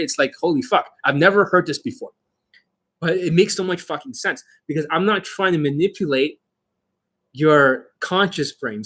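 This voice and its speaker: A man's voice: a little high, a bit bright, slightly rough. A man working as a dating coach, talking to the camera in a boastful way and swearing a lot. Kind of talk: profane talk to camera.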